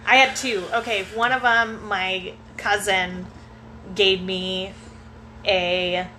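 A woman of ordinary pitch talks in a relaxed, chatty way. She laughs her way through anecdotes and drops the odd curse word. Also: slow pace, a little hiss or hum. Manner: chatty and giggly, swears offhandedly. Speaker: conversation partner, a parent. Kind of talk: casual chat.

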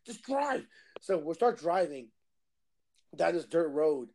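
A man telling a story in casual chat, animated and swearing, acting out the voices of the people in it. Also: on the high side, a little slow, creaky. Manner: animated, swearing, acts out voices in his stories.

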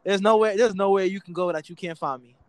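Rambling high-voiced man, dry close sound. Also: quick pace, no echo. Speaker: guest. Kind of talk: casual interview chat.

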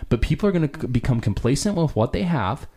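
A man's voice: mid-range voice, big pitch swings, warm tone, breathy edge. A man in a casual debate, arguing back and cutting in on the other speaker. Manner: argumentative, interjecting, quick laugh.

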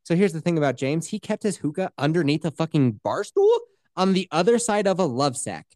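A man's voice: fairly high pitch, very animated, fairly quick, darkish tone, no echo, studio quality. A man in his thirties from Colorado hosting a podcast, telling a profane, rambling story and laughing along with himself. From Colorado, USA. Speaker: podcast host. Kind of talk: casual storytelling chat.

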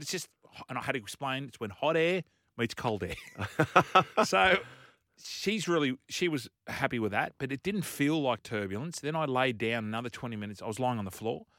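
Animated Australian man telling a story. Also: medium pitch, no echo, studio quality. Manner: animated storyteller, laughs often. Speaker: radio co-host. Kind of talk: casual radio banter. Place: radio studio. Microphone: studio mic.

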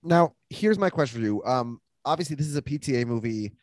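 Quick, lively man with a joking manner. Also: mid-range voice, no room sound. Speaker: podcast host. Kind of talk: casual chat.

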